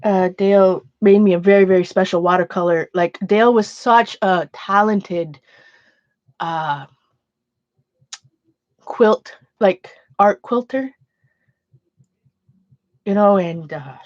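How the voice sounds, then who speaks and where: A woman's voice: medium pitch, slow, long pauses, a little mellow, dry recording, highs cut off. A woman casually chatting on her art livestream, rambling and questioning herself with many restarts. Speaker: art journaling streamer. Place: home art room with shelves.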